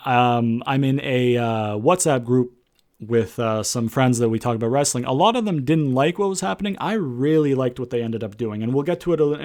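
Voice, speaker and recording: A man's voice: mid-range voice, a little mellow. Man rambling through a wrestling recap. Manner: rambling, many fillers and restarts. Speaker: wrestling show reviewer. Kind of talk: casual recap commentary.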